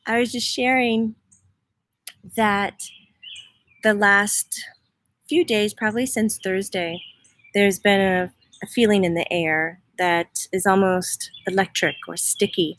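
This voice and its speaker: A woman's voice: mid-range voice, steady tone, slow, a bit bright, dry recording. A woman hosting a casual livestream outdoors in her front yard, chatting and greeting viewers by name. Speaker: host, spiritual medium.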